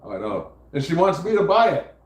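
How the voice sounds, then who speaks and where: A man's voice: a little high, sing-song, fairly quick, roomy sound, a little hiss or hum, low-quality recording. A man hosting a livestream, chatting casually and telling long, rambling stories full of swearing. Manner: rambling, profane storytelling. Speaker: livestream host. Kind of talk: casual chat.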